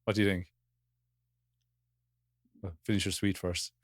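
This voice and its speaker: A man's voice: low voice, level tone, measured pace, no room sound, clean studio sound. An Irish man co-hosting a podcast, agreeable and laid-back in casual chat. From Ireland. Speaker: podcast co-host.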